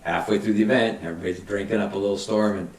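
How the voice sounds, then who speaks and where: A middle-aged man, a fire battalion chief, telling animated anecdotes and acting out quotes in a casual interview. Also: fairly low pitch, very fast. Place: podcast studio. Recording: roomy, somewhat distant mic.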